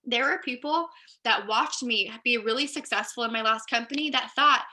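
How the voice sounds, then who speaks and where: A woman with a very bright, forward voice gives a casual training talk to her team. She sits a little above the usual pitch for a woman and talks in a chatty, upbeat, direct way. Her speech is full of "like" and "you guys" as she coaches. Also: moderate pace, a little hiss or hum. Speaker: team leader.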